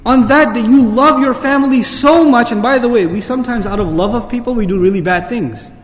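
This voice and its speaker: High-voiced man preaching in a reverberant hall. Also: brisk. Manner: urgent, rhetorical questions, recites Arabic verses. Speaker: Islamic speaker. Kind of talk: lecture sermon.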